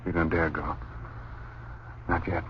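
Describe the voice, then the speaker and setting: An actor playing a frightened husband in an old radio drama, describing a ghostly scene in hushed tones. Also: male voice, low-pitched, level tone, slow. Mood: awed. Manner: hushed, awed, tense narration of what he sees. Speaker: Chuck, a frightened onlooker. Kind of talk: 1930s radio drama acting. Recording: noisy muffled old radio recording.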